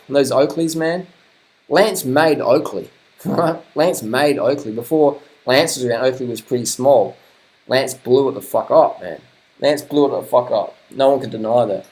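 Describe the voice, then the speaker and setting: A man's voice: mid-range voice, darkish tone. A middle-aged man, commentating old race footage in a blunt, sweary, chatty way, often laughing.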